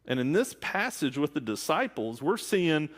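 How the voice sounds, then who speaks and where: Candid preaching man, lively voice. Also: a little high, normal speed. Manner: candid, conversational preaching with asides. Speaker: minister. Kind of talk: sermon. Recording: long hall reverb.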